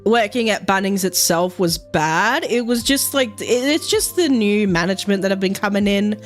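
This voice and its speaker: While playing games, a woman streamer tells stories in a relaxed chat, cursing openly and breaking into frequent laughter. She speaks at a moderate pace in a mid-range voice over soft background music.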